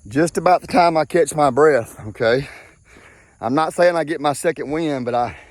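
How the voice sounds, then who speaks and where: A man's voice: on the high side, moderate pace, dry recording. Breathless Southern man, folksy vlog while walking outdoors, Mississippi drawl. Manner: folksy, drawling, keeps saying okay. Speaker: vlogger.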